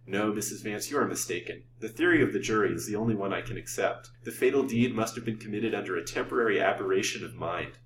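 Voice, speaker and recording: A man voicing a grief-stricken, wild young gentleman who speaks brokenly and urgently, in a roomy, distant recording. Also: on the low side, fast, few pauses, natural voice. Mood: agitated. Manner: broken, excited, imploring. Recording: roomy, distant mic, faint hum.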